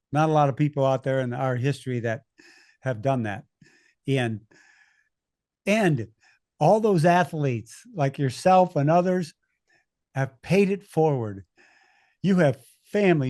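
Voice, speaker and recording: Animated American race announcer telling stories. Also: male voice, a little high, dry recording, studio quality. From United States. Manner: animated anecdotes with many restarts. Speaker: race announcer, podcast guest. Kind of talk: storytelling conversation.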